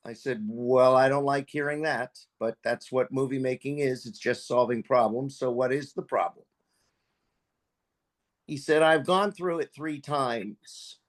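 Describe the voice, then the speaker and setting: A man, a filmmaker guest, telling a behind-the-scenes anecdote in a lively, profane way. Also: mid-range voice, measured pace, pauses often. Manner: animated, profane anecdote with acted quotes. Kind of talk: casual storytelling.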